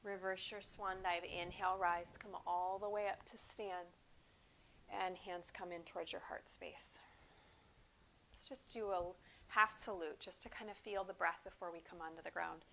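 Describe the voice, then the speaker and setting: Calm woman guiding a yoga flow. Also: lowish voice, slight background noise. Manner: calm, unhurried cueing of breath and poses. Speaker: yoga teacher. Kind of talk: guided yoga class instruction.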